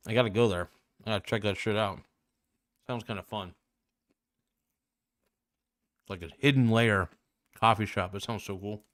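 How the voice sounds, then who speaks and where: A man's voice: fairly low pitch, measured pace, pauses often, a bit bright. A man hosting a casual reaction video, talking in a laid-back, slangy way with plenty of swearing while he snacks on crackers.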